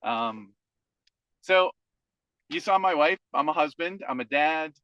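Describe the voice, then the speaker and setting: A man in his forties from New Hampshire gives an earnest testimony over a video call. His voice is bright and forceful, and he piles up repeated phrases. The audio is slightly dull and dry. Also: on the high side, animated, slow pace, clean tone, dry recording. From New Hampshire, USA. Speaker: team member and guest speaker, teacher and father.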